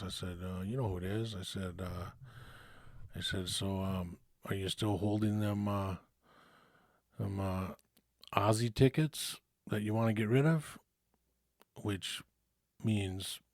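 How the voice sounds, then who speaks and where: A man with a fairly low voice tells a story from his own life in loose, casual talk. He swears often and keeps restarting sentences with plenty of ums and uhs. The recording is dry, with no room sound. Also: darkish tone, dry recording. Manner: rambling, profane, many fillers and restarts. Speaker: storyteller recounting his past.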